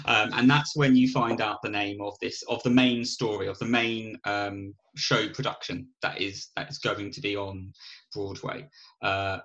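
A man co-hosting a podcast, retelling a film's plot in animated, rambling casual chat and laughing often. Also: lowish voice, a little slow, muffled recording. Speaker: podcast co-host. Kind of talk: casual film review chat.

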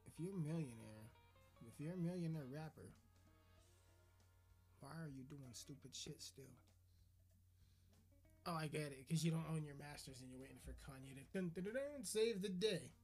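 A man's voice: fairly high pitch, normal speed, pauses often, a little mellow, faint music behind. A man hosting a podcast, ranting in a crude, sarcastic, swearing comedic style. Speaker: podcast host. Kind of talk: profane comedic rant.

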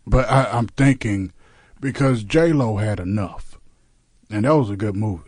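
A man co-hosting a casual podcast, joking and rambling through quick asides. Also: fairly low pitch, a little mellow, no echo. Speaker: podcast co-host. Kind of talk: casual comedic chat.

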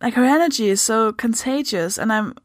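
A woman from Denmark with a Danish accent, hosting a podcast in a casual unscripted intro, tired and halting, stopping mid-sentence. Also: fairly high pitch, no room sound, studio quality. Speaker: podcast host.

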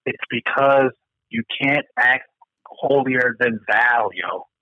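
A man's voice: medium pitch, slow, no echo. A man co-hosting a casual podcast chat, ranting emphatically with a lot of profanity. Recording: dull lo-fi dry recording.

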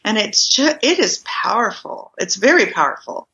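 A woman's voice: medium pitch, normal speed, muffled recording. A woman guest in a podcast interview, telling stories and acting out the dialogue as she speaks. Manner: animated storyteller acting out quoted dialogue. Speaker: guest, community garden minister.

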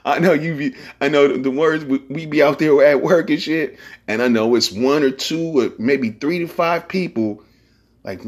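A man's voice: on the high side, normal speed. Give me a man hosting a podcast in a loose, profane monologue. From San Francisco Bay Area. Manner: profane, rambling, streetwise slang. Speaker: podcast host.

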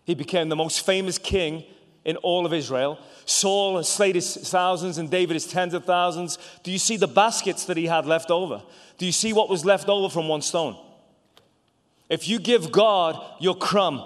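A man preaching a sermon as an evangelist, animated and stammering through restarts, swinging between loud bursts and hushed asides. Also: medium pitch. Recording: long hall reverb.

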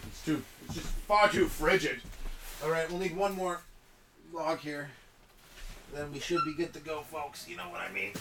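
A man rambles through a comic podcast monologue and laughs at his own jokes. His voice sits a little high and swings widely up and down as he riffs. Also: expressive, normal speed, a bit bright, slight background noise. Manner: joking, riffing, chuckles at own jokes. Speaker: stand-up comedian hosting a podcast. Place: very cold room kept warm with a wood fire.

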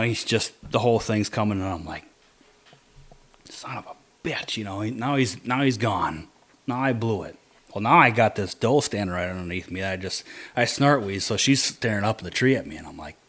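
A man telling a hunting story in casual chat, animated, dropping to low mutters to quote his own thoughts.

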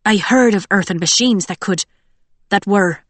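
A woman's voice: mid-range voice, normal speed, no room sound, close to an everyday voice. A woman voicing a startled young male royal guard who stammers. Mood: shaken.

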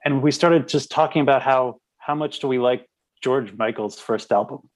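A man in casual podcast chat, spinning an old band anecdote with plenty of laughter. His voice sits at an ordinary middle pitch, and his delivery is lively and unpolished. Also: normal speed, low-quality recording. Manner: animated, laughing through anecdotes. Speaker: podcast guest, former band member.

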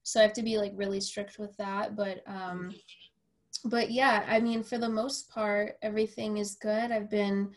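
Animated woman host telling a story. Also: mid-range voice, normal speed. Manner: animated, acts out quoted dialogue, frequent fillers. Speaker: podcast host and personal trainer. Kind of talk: casual storytelling conversation.

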